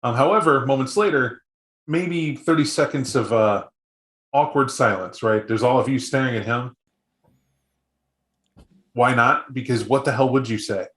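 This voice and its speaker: A man running a tabletop role-play as game master, mid-pitched and easygoing. He narrates in a loose, rambling way, with plenty of ums and restarts. The recording sounds echoey, as if in an open room. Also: a little slow, pauses often, fairly bright tone. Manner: casual, rambling narration with many fillers.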